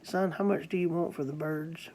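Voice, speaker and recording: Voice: mid-range voice, fairly even intonation, normal speed, darkish tone, slight background noise, close to an everyday voice. A preacher voicing a patient, kind preacher in a parable who keeps asking questions. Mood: questioning.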